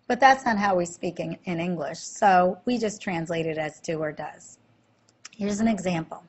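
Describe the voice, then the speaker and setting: Breathy woman teaching a lesson. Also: fairly low pitch. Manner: slow, clear explanations with quizzing questions. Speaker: French teacher. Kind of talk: slide-based language lesson.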